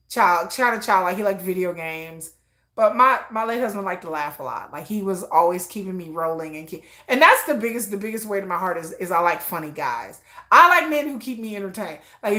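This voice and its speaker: In a casual livestream chat, a middle-aged woman with a mid-range, slightly bright voice rambles on self-mockingly. She performs both halves of conversations she's recalling.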